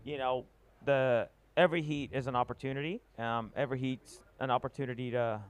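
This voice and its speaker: A man who surfs co-commentating live at a surf contest, talking haltingly with many restarts. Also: mid-range voice, fairly even intonation, clean tone. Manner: halting, full of restarts and fillers. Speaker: surfer and co-commentator.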